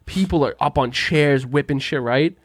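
A man's voice: fairly high pitch, normal speed, no echo. Slangy young man telling stories. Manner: animated storyteller, slangy, says "right?" a lot. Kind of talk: casual storytelling chat.

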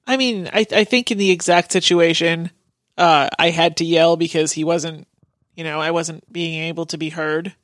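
A woman's voice: fairly low pitch, steady tone, moderate pace, no room sound, studio quality. A woman co-hosting a podcast in casual chat, speaking in a blunt, opinionated way. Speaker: podcast co-host.

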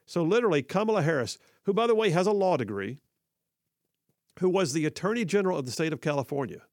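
A man's voice: on the high side, sing-song, quick pace, darkish tone, dry recording, clean studio sound. A man hosting a talk radio show, delivering an emphatic, sarcastic opinion monologue that repeats for effect.

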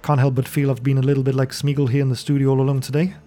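A man narrating a fantasy tabletop game as game master and podcast host, telling the story in a measured way from a studio. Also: mid-range voice, little pitch movement, warm tone, faint music behind. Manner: measured storytelling, then chatty sign-off.

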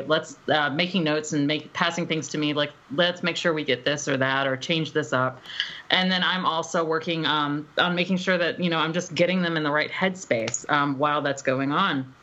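A woman's voice: low-pitched, sharp tone. Bubbly laughing woman on dull audio. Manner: bubbly, laughs often, rambling anecdotes. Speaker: voice director and game developer. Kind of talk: casual podcast chat.

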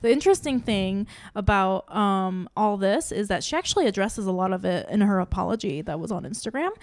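A woman's voice: mid-range voice, animated, brisk, no echo. Rambling woman podcaster, dry close mic. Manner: rambling, full of "like" and restarts, swears freely; acts out her own inner questions. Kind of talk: casual chat.

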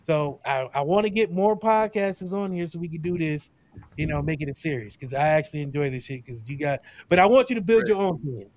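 A man hosting a casual podcast game, talking in an animated, joking and defensive way with plenty of swearing. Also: fairly high pitch, fairly quick. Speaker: game show host.

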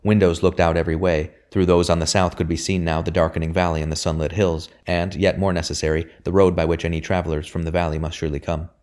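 A man narrating a novel chapter in a measured, even storytelling manner. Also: low voice. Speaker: audiobook narrator.

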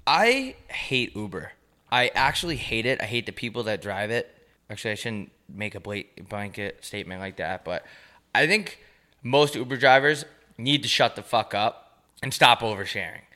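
A man in his twenties from Long Island co-hosting a podcast, telling stories in a dry, deadpan way. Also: on the low side, moderate pace. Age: 20s. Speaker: podcast co-host. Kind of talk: casual chat.

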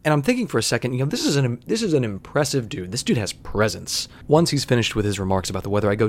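A man's voice: medium pitch, quick pace, few pauses. Wry young man telling a story. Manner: wry, deadpan, conversational. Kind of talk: personal storytelling monologue.

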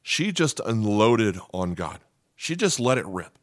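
A man's voice: on the low side, very animated, unhurried, no echo, clean studio sound. A man preaching a sermon as a pastor, earnest and emphatic, often checking in with "okay?".

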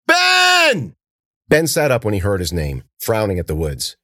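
A male narrator reads the story in a low, husky voice. His delivery rises and falls with lively, expressive pitch. The recording is dry and close. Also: a little fast, no echo. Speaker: audiobook narrator. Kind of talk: scripted narration.

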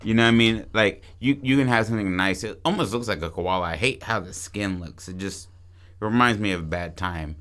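A man co-hosting a podcast, casually pitching a movie plot in profane, animated storytelling full of restarts. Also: a little fast. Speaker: podcast co-host.

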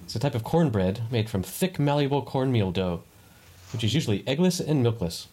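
A man's voice: medium pitch, expressive, a little fast, a little mellow. A man co-hosting a podcast in casual chat, explaining things at length and often restarting his sentences. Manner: rambling, self-correcting, explains at length. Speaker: podcast co-host.

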